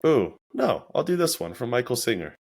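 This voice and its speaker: This man hosts a laid-back podcast in a medium-pitched, slightly rough voice at an ordinary pace. Reflective and lively, he narrates stories while performing the different voices in his head.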